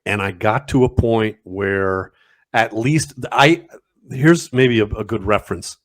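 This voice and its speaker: A middle-aged man, co-hosting a podcast and telling stories in a reflective, halting way. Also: on the low side, no echo. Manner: reflective, halting storyteller with restarts. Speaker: podcast co-host. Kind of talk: casual chat.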